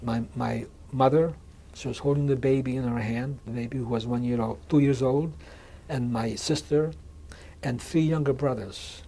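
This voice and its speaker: A man in his sixties giving a measured oral history testimony in an interview, often restarting and repeating words as he speaks. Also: mid-range voice, steady tone, warm tone. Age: 60s. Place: museum interview room.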